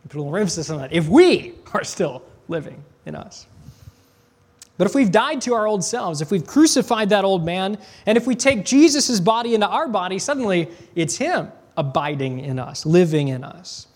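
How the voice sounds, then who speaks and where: A man with a notably high voice delivers a sermon. He reads scripture aloud, drops in conversational asides and rhetorical questions, and slows down deliberately when stressing a point. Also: animated. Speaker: preacher.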